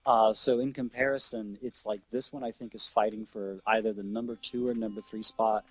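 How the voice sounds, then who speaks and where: Man with a husky, lowish voice, casual co-host reflecting on episodes. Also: level tone, fairly quick, fairly bright tone, no echo, faint music behind. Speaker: co-host of an anime review show. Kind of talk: casual review chat.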